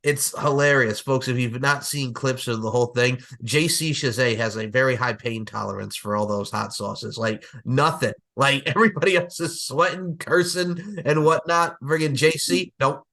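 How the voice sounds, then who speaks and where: Casual podcast host, a man in his forties, excitable, quick to laugh. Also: medium pitch, vocal fry. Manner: excitable, swears, laughs often. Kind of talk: casual chat.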